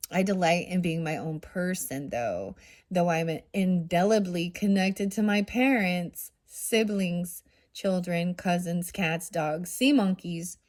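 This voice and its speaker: A woman's voice: lowish voice, darkish tone. A middle-aged woman, a mother, chatting casually as she pulls and reads cards, rambling and saying "dude" and "you know" often. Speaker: tarot card reader. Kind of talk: casual card-reading chat.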